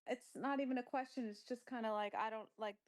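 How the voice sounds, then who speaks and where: A woman's voice: a little high, steady tone, brisk. Shy, hesitant woman on a live call. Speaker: session participant. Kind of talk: casual live video chat.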